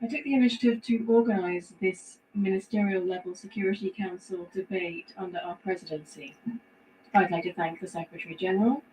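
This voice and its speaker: Measured woman chairing a council. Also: mid-range voice, steady tone, a little mellow, slight background noise, rough recording. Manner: measured, formal. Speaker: council president chairing a debate. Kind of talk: formal chairing statement. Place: large council chamber.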